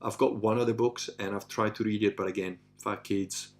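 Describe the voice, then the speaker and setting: A man hosting a podcast, telling stories in a loose, animated way, swearing casually and acting out what others said. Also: fairly low pitch, fairly quick. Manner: animated, swears casually, acts out quoted voices. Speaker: podcast host. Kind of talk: casual anecdotal storytelling.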